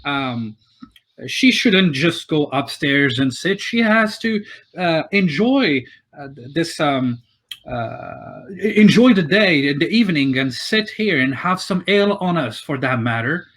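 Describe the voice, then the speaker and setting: A man's voice: on the high side, big pitch swings, a little slow, a bit bright, full character voice. A man voicing an insistent, hospitable tavern keeper's wife in a tabletop game.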